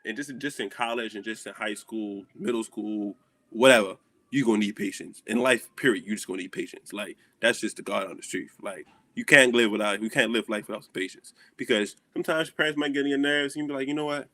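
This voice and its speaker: A young man with a Southern American accent, hosting a casual chat and acting out stories with animated dialogue. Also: lowish voice, a little fast, no echo. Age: young adult. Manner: animated storytelling, acts out dialogue. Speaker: host.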